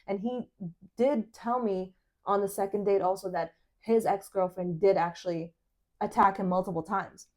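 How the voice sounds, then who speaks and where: A young woman hosting a podcast, telling a dating story in casual chat, animated and swearing, full of fillers. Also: mid-range voice, moderate pace. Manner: animated, swearing, many fillers, acts out quoted lines. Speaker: podcast host.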